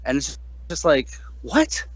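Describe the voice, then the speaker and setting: A man in his thirties chatting as a podcast guest, with a voice of middle pitch. His delivery is animated and expressive, rising and falling widely. He swears freely and leaps high when he acts out his own reactions. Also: normal speed, no echo, muffled recording. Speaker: guest musician, drummer. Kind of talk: casual podcast interview chat.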